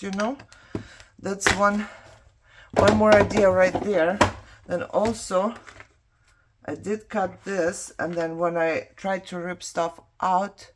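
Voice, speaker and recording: A woman whose first language is not English, rambling through a craft video at an ordinary middle pitch. She tells a story while she works, breaking into laughs and muttering to herself about what to do next. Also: slight background noise. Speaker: craft vlogger.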